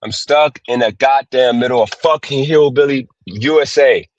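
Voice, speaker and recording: A man's voice: mid-range voice, normal speed. Frustrated cursing man livestreaming from the road. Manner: cursing, exasperated, repeats himself. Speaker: gig worker livestreaming. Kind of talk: frustrated live-stream rant. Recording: dull dry phone audio.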